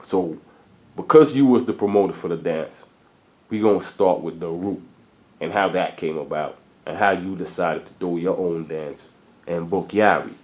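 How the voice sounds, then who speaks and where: A man's voice: low voice, moderate pace. A man interviewing his guests in a casual chat, asking long rambling questions. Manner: relaxed, asks long rambling questions with "I'm saying".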